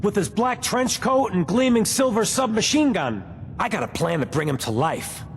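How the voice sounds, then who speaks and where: An actor playing an excitable male ghoul who is a comic-book fan, talking eagerly in game dialogue. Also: sits high. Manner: eager, excitable, quick to gush. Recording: game audio with long reverb, faint hiss.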